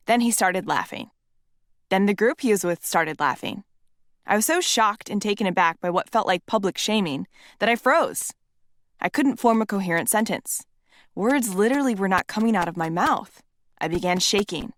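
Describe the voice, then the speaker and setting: A woman narrates her own memoir, candid and conversational, with blunt swearing. Her voice sits at a middle pitch. The recording is dry and close. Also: lively intonation, moderate pace, no echo. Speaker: author reading her own book.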